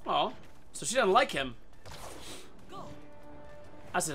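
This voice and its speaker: A man hosting his own gaming channel, giving live commentary over a match and breaking into loud excited outbursts. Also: fairly high pitch, unhurried, long pauses, soft background music. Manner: excitable, loud outbursts and yelling at other players. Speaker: gaming video host. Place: home room.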